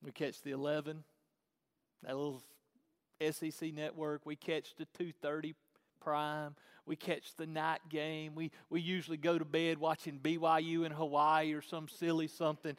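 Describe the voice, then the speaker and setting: A man's voice: fairly high pitch, level tone, normal speed, clean tone. A man preaching a sermon to his church, conversational one moment and emphatic the next. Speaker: pastor. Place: large church hall. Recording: long hall reverb.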